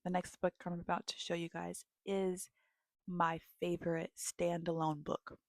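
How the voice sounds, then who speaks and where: Slow-talking young woman chatting about books. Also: fairly low pitch, no room sound, studio quality. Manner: animated storytelling, dropping into whispers at moments. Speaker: book vlogger. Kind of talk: casual book recommendations.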